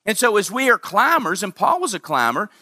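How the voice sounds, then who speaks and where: A man's voice: sits high, huge pitch swings, fairly quick, pushed and bright, dry recording, clean studio sound. A man preaching a sermon as pastor, talking straight to his congregation and punching his key lines. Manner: direct, speaks to the congregation.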